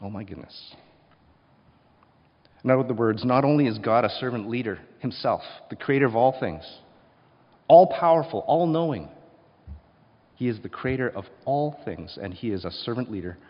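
A male pastor preaching a sermon, swinging between hushed and loud passages and acting out voices. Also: mid-range voice, expressive, normal speed, pauses often. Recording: dull sound with long hall reverb.

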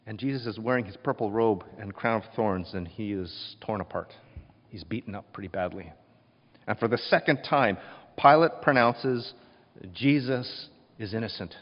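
Preacher with a long hall reverb. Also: male voice, on the low side, moderate pace. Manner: expressive, emphatic storytelling. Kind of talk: sermon. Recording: dull recording with long reverb.

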